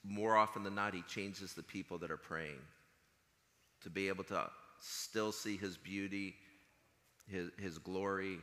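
Deep-voiced man in an echoing chapel. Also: sharp tone. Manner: earnest storytelling, quotes others in conversation. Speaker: school chaplain. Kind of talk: chapel talk to students. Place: school chapel. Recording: long hall reverb.

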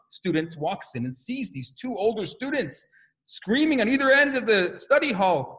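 A man, a rabbi, giving a lecture full of stories and acted-out quotes, in an animated manner. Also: high-pitched, moderate pace. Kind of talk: lecture with storytelling.

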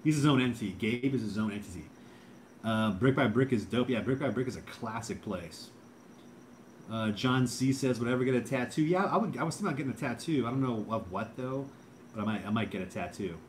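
A man's voice: lowish voice, a little fast, a little hiss or hum. A man in his thirties hosting a casual livestream, reading out chat and rambling with lots of fillers and repeated words.

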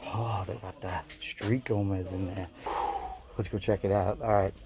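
A man's voice: deep voice, steady tone. Guy rambling through a toy store, swears a bit, crowd noise all around. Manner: blunt, quick verdicts, swears casually. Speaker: toy collector vlogger. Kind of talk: casual running commentary while shopping. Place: busy toy store, indoors.

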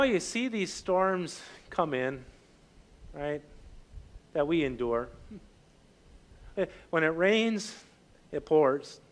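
Pastor, male, high voice, chatty sermon delivery full of "you know" and restarts. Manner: conversational, filler-heavy, frequent restarts; animated and loud when voicing the disciples, quiet and low when personal.

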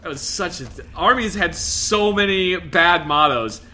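A man's voice: sits high, lively intonation, measured pace, pushed and bright. A young man co-hosting casual gaming commentary, playful and laughing often. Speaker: let's play co-host.

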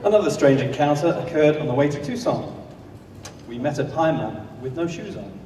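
A man's voice: a little high, animated, fairly quick, warm tone, a little hiss or hum. A man narrating a comic story in rhythmic rhyming verse, heard from a distance in an echoey hall. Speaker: comic performer.

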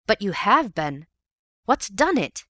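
A man voicing a startled middle-aged bank manager who exclaims in a raised, loud voice. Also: sits high, big pitch swings, slow, no room sound, studio quality, pitched above the performer's own voice, exaggerated voice. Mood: shocked.

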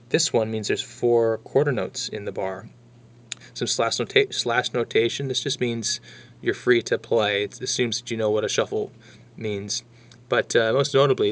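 A man teaching drums, talking casually through a sheet of music and counting beats aloud. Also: fairly low pitch. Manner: relaxed and chatty, counting beats aloud, brief excited asides. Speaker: drum teacher.

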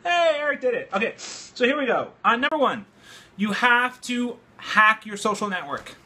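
A man hosting a casual livestream chat from his home studio, excitable and loose, swearing freely while drinking beer. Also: very high voice, moderate pace. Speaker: livestream host. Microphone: phone livestream app.

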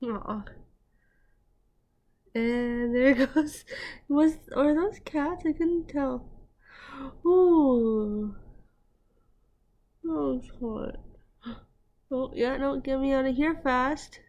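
Woman, reaction host, higher voice, slow easygoing delivery, exclaims and laughs a lot. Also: darkish tone. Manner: chatty, exclaims and laughs often. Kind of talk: casual reaction commentary. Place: at home with her dogs nearby.

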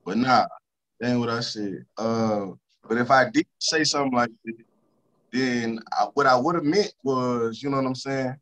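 A Louisiana rapper talking casually in an interview, repeating himself for emphasis and turning quieter when he talks about stress. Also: medium pitch, normal speed. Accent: Southern US, Louisiana. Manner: emphatic and repetitive, drops to a subdued tone about stress.

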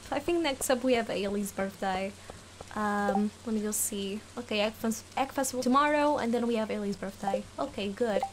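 A woman's voice: a little high, darkish tone, slight background noise. A young woman giving casual gameplay commentary, giggling often, playfully exasperated, and talking to the game's characters. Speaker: let's play gamer.

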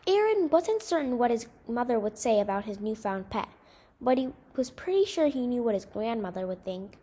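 A woman narrating a short story aloud in a measured, expressive storytelling manner. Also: fairly high pitch, husky. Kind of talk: scripted story reading.

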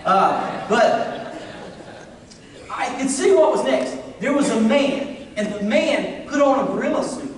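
A middle-aged man, preaching a sermon with funny, animated storytelling. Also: high-pitched. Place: church sanctuary. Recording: distant, echoey church hall.

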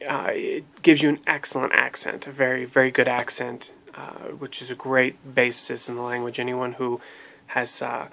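A man's voice: medium pitch, flat delivery, moderate pace, creaky, pushed and bright. A man giving a casual spoken review of a language course, talking with many fillers and restarts. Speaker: language learning blogger.

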